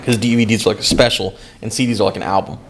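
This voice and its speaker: Young guy cohosting a podcast, lowish voice, rambles and cracks himself up, swears a bunch. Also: steady tone, very fast, slight background noise. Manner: rambling, laughs often, swears freely. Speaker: podcast co-host. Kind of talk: casual chat.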